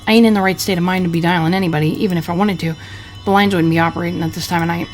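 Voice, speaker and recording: A woman voicing a crude, drunken, scheming husband from the 1940s, talking gruffly and cursing. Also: fairly low pitch, fairly even intonation, very fast, faint music behind, lightly acted. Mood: grumbling. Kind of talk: reading game dialogue aloud.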